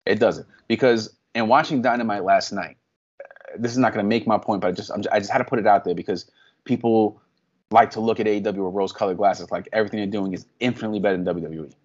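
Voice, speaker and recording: A man with a lowish voice rants on a casual podcast, swearing freely and building up to exasperated outbursts. The audio is dull and lo-fi. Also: fast talker. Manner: profane, ranting, animated. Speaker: podcast co-host. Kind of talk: casual wrestling podcast chat.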